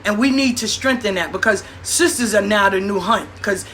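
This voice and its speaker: A New York woman hosts with a blunt, profane storytelling monologue, animatedly acting out what people said. Her voice is medium-pitched and at normal speed, with slight background noise.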